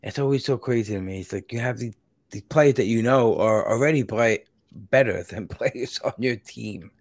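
A man's voice: medium pitch, normal speed, dry recording, clean studio sound. A man hosting a podcast in casual chat, rambling and restarting his sentences with laughs in between. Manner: rambling, self-interrupting, laughs between thoughts. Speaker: podcast host.

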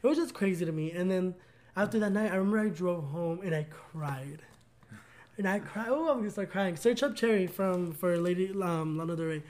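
A man's voice: high voice, brisk, darkish tone, a little hiss or hum. A young man co-hosting a podcast, telling a personal story in casual chat, earnest and gushing with lots of "like" fillers. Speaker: podcast co-host.

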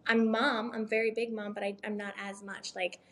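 A woman's voice: mid-range voice, flat delivery, moderate pace, a bit bright. A woman in her thirties chatting casually about motherhood, rambling with lots of fillers and tag questions. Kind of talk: casual chat.

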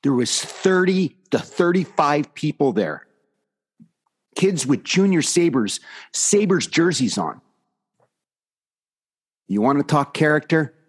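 Husky, emphatic man telling a story. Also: fairly high pitch, sing-song, takes it slowly, pauses often. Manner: emphatic and indignant, repeats for effect. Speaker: youth hockey coach. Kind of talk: storytelling on a podcast.

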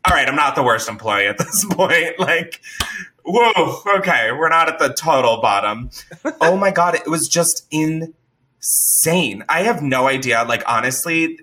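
A man telling a story in casual chat, animated and profane, with lots of "like.". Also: medium pitch. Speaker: podcast co-host telling a story.

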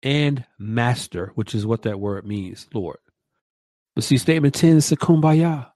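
A man's voice: medium pitch, animated, unhurried, darkish tone, no echo. A man co-hosting a Christian commentary podcast, emphatic and stressing points by repeating words. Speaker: podcast co-host.

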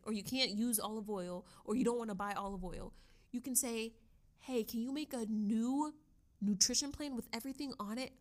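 Excitable young woman, higher voice. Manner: excitable, gushing, laughs often. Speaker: podcast host. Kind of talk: casual solo podcast chat.

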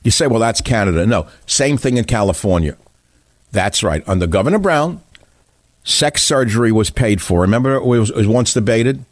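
A man's voice: medium pitch, animated, normal speed, dry recording. A man hosting a talk radio show, delivering a combative, scornful political monologue with heavy emphasis. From United States.

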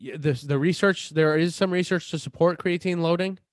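A man's voice: a little high, fairly quick, no echo, studio quality. A man co-hosting a fitness podcast, explaining supplement advice in a casual chat and often restarting his sentences.

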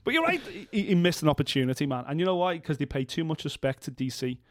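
Emphatic podcast co-host. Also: male voice, fairly high pitch, sing-song, fast talker, no room sound. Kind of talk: casual sports chat.

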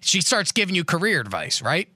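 A man hosts the interview, asking loose conversational questions and sometimes losing his thread. His voice is bright and a little high. The sound is close and dry. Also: big pitch swings, fairly quick, no echo. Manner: conversational, fumbles for words while asking questions. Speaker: interview host. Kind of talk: podcast interview.

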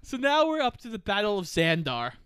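A man's voice: high-pitched, huge pitch swings, a little fast, a bit bright. A man in casual podcast chat, recapping a film's plot in a joking, teasing way. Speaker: podcast co-host.

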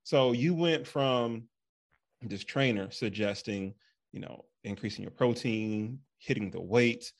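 A man's voice: medium pitch, slow pace. A man hosting a fitness podcast, chatting casually and rambling with many fillers and restarts. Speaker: podcast host. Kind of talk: casual interview chat.

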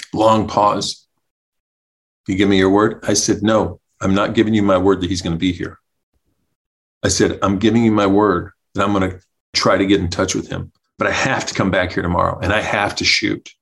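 A man telling a comic anecdote as a podcast guest, animated, acting out the people he quotes and laughing as he goes. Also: on the low side, vocal fry. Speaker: guest storyteller, comedy writer. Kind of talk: casual anecdote.

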